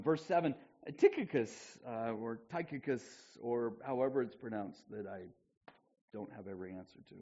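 A man preaching a sermon as pastor, chatting with the congregation and swinging from loud emphasis to hushed asides. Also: mid-range voice. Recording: dull lo-fi church recording.

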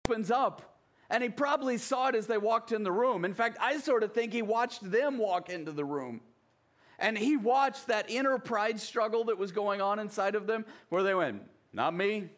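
A man's voice: high-pitched, moderate pace, fairly bright tone. A man from the American South preaching a sermon in a conversational way, often checking in with his listeners. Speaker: pastor.

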